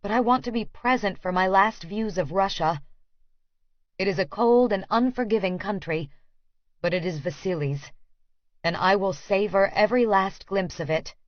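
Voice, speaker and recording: A woman narrates a first-person audiobook in a measured, earnest way, at a middle pitch. The recording is dry and close, with a slightly dull tone. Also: no room sound.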